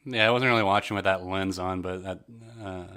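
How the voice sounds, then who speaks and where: A man's voice: sits low, fairly even intonation, a little fast, sharp tone, clean tone. A man co-hosting a casual movie podcast, rambling with many fillers and sarcastic asides, laughing often. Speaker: podcast co-host.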